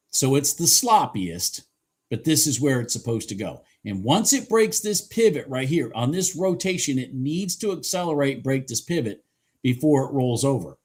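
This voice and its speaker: Husky-voiced man cheering his trades. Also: medium pitch, a little mellow. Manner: profane, cheering the chart on. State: hoarse, clearing his throat. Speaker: day trader streaming live. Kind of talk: live trading commentary.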